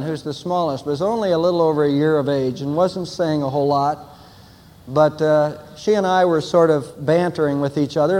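Older pastor guy preaching easter, pretty high voice, big echoey church sound. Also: darkish tone. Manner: storytelling, emphatic declarations. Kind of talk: Easter sermon.

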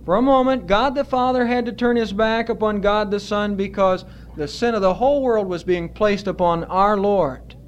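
A man preaching a sermon as pastor, earnest and emphatic, stretching out his words with pauses. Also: high-pitched, clean tone, lo-fi sound.

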